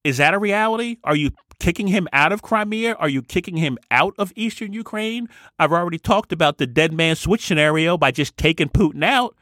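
A man's voice: sits high, lively intonation, brisk, hardly any pauses, a bit bright, no echo, clean studio sound. A man giving an opinion commentary monologue as a vlogger, talking emphatically and repeating his key points.

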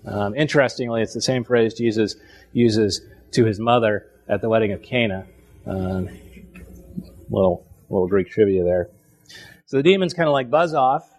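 A man's voice: lowish voice, moderate pace, darkish tone. A man teaching a Bible lesson in a conversational way, often restarting phrases and checking in with "right?".

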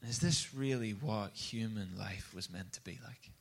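A man preaching a sermon, telling a story in an animated, conversational way. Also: fairly low pitch, moderate pace.

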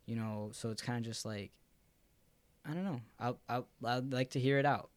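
A man's voice: medium pitch, moderate pace, no echo. A young man in casual podcast conversation, talking in a loose, rambling way full of fillers. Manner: relaxed, rambling, heavy on filler words.

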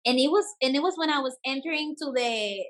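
A woman's voice: high-pitched, brisk, poor audio. Woman telling her story. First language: Spanish. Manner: switches into Spanish words, frequent restarts, laughs while telling. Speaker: bomba dancer, interview guest. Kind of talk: casual personal storytelling.

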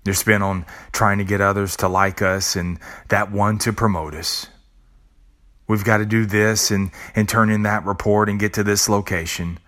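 A man's voice: on the low side, fairly even intonation, normal speed, a bit bright. A middle-aged man hosting a podcast, speaking an earnest, reflective monologue with casual swearing and restarts. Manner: earnest, with blunt casual swearing and repeated words. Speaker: podcast host.

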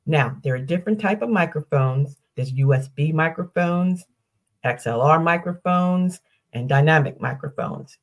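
A woman's voice: low-pitched, normal speed. An older woman hosting her own podcast, explaining things step by step in an upbeat way, posing questions and walking through lists. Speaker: podcast host. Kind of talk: solo podcast teaching.

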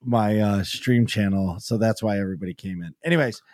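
A man's voice: fairly low pitch, brisk, darkish tone, no room sound, studio quality. A man co-hosting a casual podcast, talking bluntly and swearing freely. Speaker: podcast co-host and streamer. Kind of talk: casual chat.

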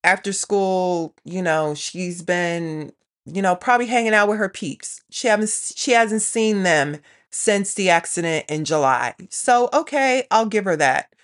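A middle-aged woman vlogger tells a rambling everyday story in a casual vlog, chatty and animated, often quoting herself and her daughter. Her voice is fairly low and her pace unhurried.

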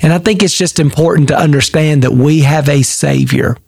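A man's voice: on the high side, brisk, vocal fry, darkish tone, no room sound. A man who is a pastor giving a daily devotional Bible teaching, speaking in an earnest, emphatic way.

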